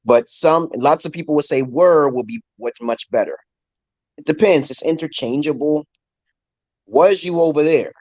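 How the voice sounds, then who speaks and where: A man's voice: a little high, a little mellow, lo-fi sound. Patient New York man teaching English. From Brooklyn, New York, USA. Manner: patient, repetitive, drawn-out explanations. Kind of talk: casual live-stream English tutoring.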